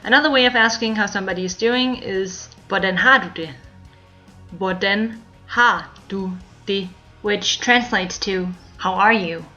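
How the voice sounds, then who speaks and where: A woman from Denmark teaching a language lesson, repeating each phrase slowly and clearly for learners. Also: medium pitch, bright, forceful tone, lo-fi sound, faint music behind. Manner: clear, slow model pronunciation with repeated phrases.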